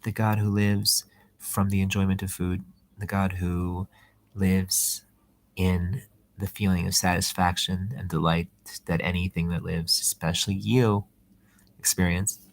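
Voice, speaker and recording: Low, gravelly male teacher, rambling conversational lesson style. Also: little pitch movement, measured pace. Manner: rambling, conversational, many fillers. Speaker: Torah teacher. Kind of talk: casual religious text lesson.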